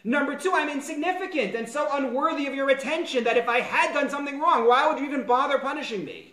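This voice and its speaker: A man teaching a class on a biblical book as a rabbi, quoting lines in varied, animated tones. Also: extremely high pitch, fast talker, roomy sound, low-quality recording. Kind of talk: lecture on a biblical text.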